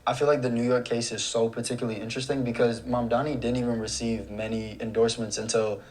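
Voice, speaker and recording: Young man, fast talker, articulate, reflective debate talk. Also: mid-range voice, flat delivery, a little mellow. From United States. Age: young adult. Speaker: debate panelist.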